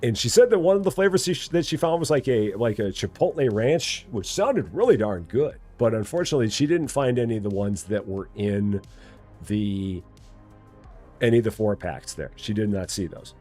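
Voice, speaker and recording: A man in his forties streaming a game live, chatting with viewers in a lively, joking way at a desk mic. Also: fairly low pitch, moderate pace, faint music behind. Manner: lively, talking to chat, jokingly challenging; hums and scats while working. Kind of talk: live gameplay chat.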